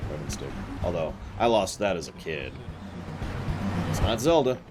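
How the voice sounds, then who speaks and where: A man's voice: sits low, sing-song, moderate pace, very noisy. A man chatting casually with viewers while playing a game on a live stream, self-deprecating and prone to sudden outbursts. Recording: game music behind.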